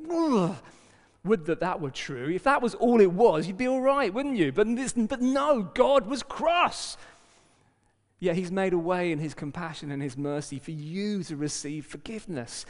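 A man preaching a sermon as pastor, lively and emphatic, with joking asides. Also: high-pitched, moderate pace. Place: church hall. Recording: long reverb of a hall.

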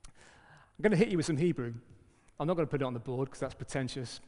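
A man preaching a sermon as pastor, lively and emphatic, with joking asides. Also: mid-range voice, fast. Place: church hall. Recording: long reverb of a hall.

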